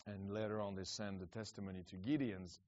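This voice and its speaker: A man's voice: fairly low pitch, flat delivery, fairly quick, a little mellow. Guy, middle aged, rambling story chat, lots of restarts, kinda muffled lo-fi sound. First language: French. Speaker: evangelist guest. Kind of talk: casual storytelling talk.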